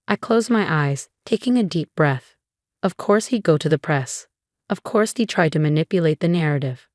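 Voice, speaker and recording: A woman reading a scripted first-person revenge story in an even, measured way. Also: fairly low pitch, no echo, clean studio sound. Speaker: narrator.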